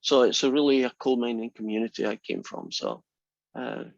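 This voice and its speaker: A Scottish math instructor delivers a classroom lecture briskly, his medium-pitched voice gravelly. He has a dry, teasing sense of humor and a relaxed, chatty way of talking. The audio is dry and close but muffled and lo-fi.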